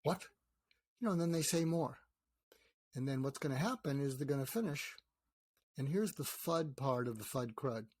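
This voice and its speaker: An older man with a voice of middling pitch, talking as an interview guest. He tells stories with energy and slips into the voices of the people he describes. The sound is dry and close to the mic. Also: normal speed, dry recording. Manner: animated storyteller, acts out quoted dialogue. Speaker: guest psychiatrist and author. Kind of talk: conversational interview.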